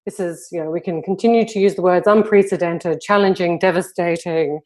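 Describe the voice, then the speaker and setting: A woman hosting a podcast interview, her voice pitched on the low side. She asks her questions in an encouraging way, hedging now and then with small fillers. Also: steady tone, a little fast, a little mellow. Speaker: podcast host.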